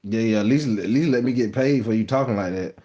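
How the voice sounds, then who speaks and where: This streamer talks fast in a warm, lowish voice, captured on a phone. He keeps the conversation casual and repetitive, poking fun at commenters and calling his chat "gang."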